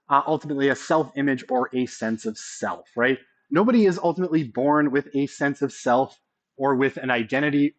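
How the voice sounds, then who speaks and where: Male instructor, relaxed conversational lecturing, average pitch, often asks "right?". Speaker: college sociology instructor. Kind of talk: casual classroom lecture.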